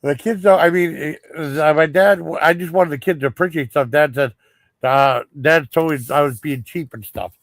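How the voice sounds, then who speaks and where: On a live stream, a man tells a long grievance in casual storytelling chat, swearing freely and circling back on himself. His voice is a little high for a man and a bit bright, at normal speed. The recording is dry and close, with no room sound around it.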